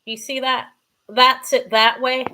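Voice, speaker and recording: A middle-aged woman hosting a live jewelry sale, chatty and self-mocking, swearing freely and breaking into loud laughter. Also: high-pitched, level tone, a little slow. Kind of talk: casual live-stream selling.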